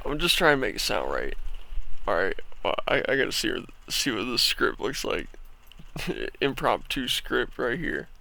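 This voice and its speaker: A man's voice: mid-range voice, sing-song, moderate pace, creaky, bright, forceful tone. A young man co-hosting a podcast, rambling and self-deprecating with crude jokes. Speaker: podcast co-host. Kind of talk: casual podcast banter.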